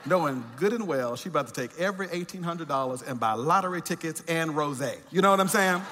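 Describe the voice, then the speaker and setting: A man's voice: on the high side, lively intonation, fast, bright, forceful tone, slight background noise. A male pastor giving a sermon with conversational, humorous storytelling and frequent fillers. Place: church. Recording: church hall with long reverb.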